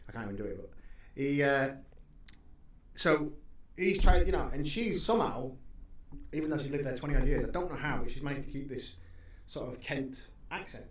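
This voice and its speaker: A man, a stand-up comedian chatting as a podcast guest, rambling and sweary, quick to laugh. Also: mid-range voice, lively intonation. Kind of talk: casual podcast chat. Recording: roomy echo, faint background hum.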